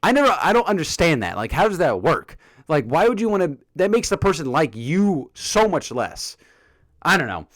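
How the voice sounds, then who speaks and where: A man talks through a TV episode in a casual review vlog, jokey and animated, often slipping into the characters' lines. His pitch swings widely from line to line. The sound is close and dry, with no room echo. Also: normal speed.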